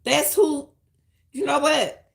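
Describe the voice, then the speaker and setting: A woman's voice: high voice, slow, gravelly. A middle-aged woman giving emphatic, preachy live-stream commentary and repeating lines for stress.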